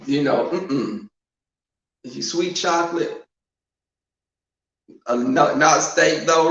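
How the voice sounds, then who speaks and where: Man, live-stream host, frank and sassy, fairly high voice, roomy echo. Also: slow, gravelly, long pauses, fairly bright tone. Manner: frank, sassy, talks straight to viewers. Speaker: host of a live online show. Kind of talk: casual live-stream chat. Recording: echoey, dull-sounding room recording.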